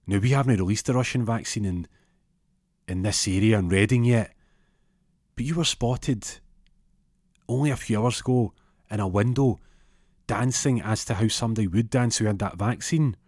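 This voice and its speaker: A man telling an improvised comic story, animated, jumping into high put-on voices for the characters. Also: moderate pace, long pauses, no room sound, studio quality.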